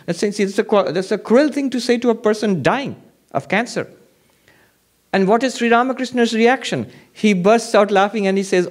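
A man's voice: high-pitched, normal speed. A monk giving a spiritual lecture at a meditation retreat, emphatic and repeating his points with rhetorical questions. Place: retreat hall before an audience.

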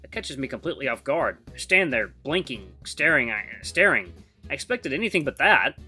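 Streamer reading story narration, bright tone, kinda animated, dry mic w/ soft music. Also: normal speed, husky. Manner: lowered, steady narrating voice. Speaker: game streamer. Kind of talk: reading a visual novel aloud.

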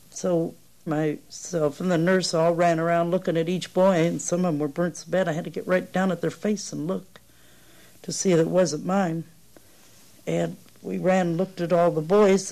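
A woman's voice: fairly low pitch, warm tone, poor audio. A woman, a mother, giving a rambling, anxious account in an interview. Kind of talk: interview testimony.

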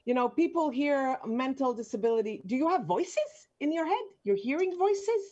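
A woman with a slightly higher voice moderates an online session. She asks her guest questions in a friendly, encouraging way. The audio is dull and lo-fi. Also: lively intonation, moderate pace, warm tone. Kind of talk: online panel interview.

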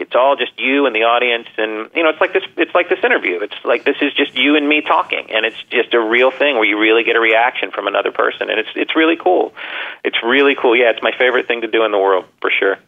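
Earnest male actor on a phone call, mid-pitched, stammers restarts, thin phone sound. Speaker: actor, guest calling in. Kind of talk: casual phone interview. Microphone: telephone. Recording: tinny phone line.

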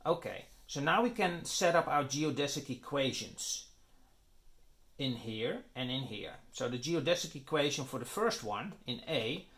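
A man's voice: medium pitch, expressive, measured pace, fairly bright tone. A man lecturing on physics, explaining his derivation step by step and often checking in with "right?" and "okay?". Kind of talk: explaining at a whiteboard.

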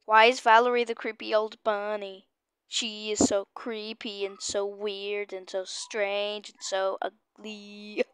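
A woman giving excitable, panicky game commentary, often repeating her exclamations. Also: medium pitch, slow pace, smooth, dry recording, studio quality. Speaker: gamer.

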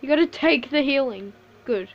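A woman giving casual live commentary over a shooter game, swearing a lot, laughing often and reacting excitably. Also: high-pitched, normal speed, lo-fi sound. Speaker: gameplay commentator.

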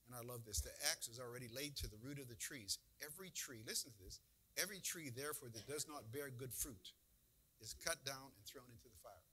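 A man's voice: medium pitch, brisk, pushed and bright, slight background noise, poor audio. A man pastor giving a folksy, conversational sermon with emphatic bursts.

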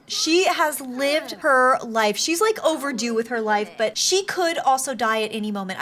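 Young woman, high voice, very lively pitch, bubbly, gasping, casual game commentary. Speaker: game story narrator.

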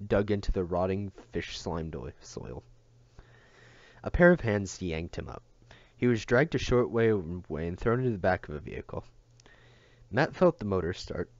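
A man reading a novel aloud as an audiobook, steady and careful, with occasional self-corrections. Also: deep voice, dry recording, muffled recording. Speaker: audiobook reader.

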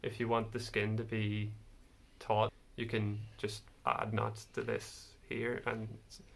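A man's voice: fairly low pitch, completely flat delivery, takes it slowly, gravelly. A man hosting a casual vlog, explaining an instrument hesitantly with many fillers. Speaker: video host. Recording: faint background noise.

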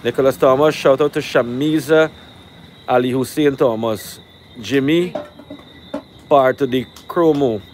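A man hosting a live stream from a rooftop cookout, reeling off shout-outs and ranting at critics in a brash, animated way. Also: medium pitch, a little slow, long pauses, slight background noise.

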